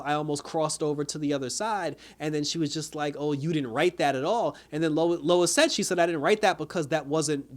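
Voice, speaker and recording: A man casually recapping a TV episode, retelling scenes with acted-out quotes and breaking into laughs. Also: a little high. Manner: animated retelling, acts out quotes, laughs at the plot. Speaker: TV show reviewer.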